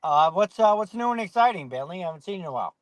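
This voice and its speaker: A man's voice: high-pitched, lively intonation, rapid-fire, no echo. A man hosting a casual sports podcast, rambling with lots of fillers and restarts. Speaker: podcast host.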